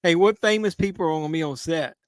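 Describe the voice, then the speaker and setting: A man's voice: fairly high pitch, quick pace, dry recording. A man hosting a live movie watch-along, making casual commentary full of crude jokes. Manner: crude joking banter. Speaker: live-stream host.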